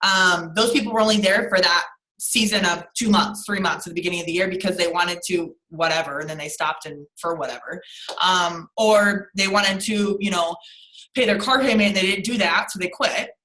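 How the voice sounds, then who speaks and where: A woman's voice: on the low side, moderate pace, sharp tone, roomy sound, rough recording. A young adult woman leading a motivational team call on a video call, speaking emphatically and repeating lines for stress. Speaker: team leader.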